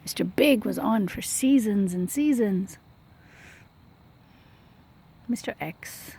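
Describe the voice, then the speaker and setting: A woman talks slowly and reflectively into her phone while walking outdoors by a lake, often letting her voice fall to a whisper. Her tone is mellow and unhurried. Faint outdoor ambience sits behind her. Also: mid-range voice, animated, slight background noise. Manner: reflective, soft-spoken, drops to whispers. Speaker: vlogger. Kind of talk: rambling outdoor vlog. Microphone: phone held while walking.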